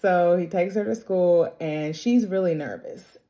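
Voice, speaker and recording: A woman vlogger recapping a TV episode in casual, slangy chat, acting out the characters' lines in quick bits. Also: lowish voice, warm tone. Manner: chatty and slangy, quotes characters in quick impressions; laughs often, talks straight to the characters.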